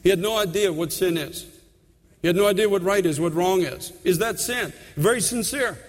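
A pastor preaching a sermon in a church sanctuary, building to impassioned appeals. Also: male voice, normal speed, long reverb tail. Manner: impassioned preaching, rising in pitch and force.

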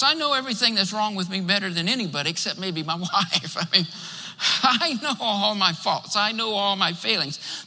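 A man's voice: high voice, pushed and bright. A man preaching a sermon, working through numbered points with repeated amens. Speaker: pastor. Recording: long hall reverb.

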